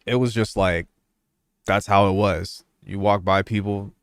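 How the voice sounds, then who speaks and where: Laid-back lower-voiced young man. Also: steady tone, a little slow, clear, resonant tone, dry recording, clean studio sound. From New Jersey. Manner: laid-back, rambling, swears offhandedly. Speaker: music producer streaming. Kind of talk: casual livestream chat.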